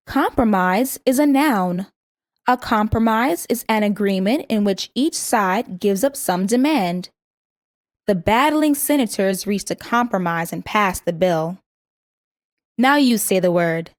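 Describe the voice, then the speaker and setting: A woman reading a scripted vocabulary lesson in a measured way, saying each word twice so learners can repeat it. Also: mid-range voice, animated, dry recording, clean studio sound. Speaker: vocabulary instructor.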